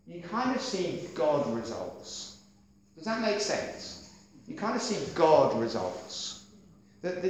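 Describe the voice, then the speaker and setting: A middle-aged man preaching a sermon in a lively, conversational way, often checking that his listeners follow. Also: on the high side, a little hiss or hum. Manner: lively, conversational, keeps asking "does that make sense?". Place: church hall. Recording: echoey church hall.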